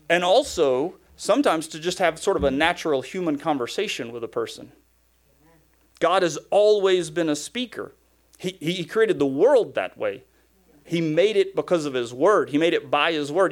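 A pastor delivering a sermon in a somewhat high voice for a man. He talks conversationally, but he keeps hammering his points with short repeated phrases.

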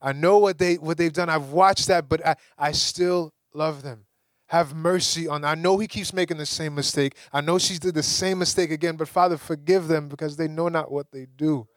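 A man voicing Jesus, gently pleading with the Father to forgive. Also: on the high side, steady tone, normal speed, no room sound, clean studio sound, natural voice.

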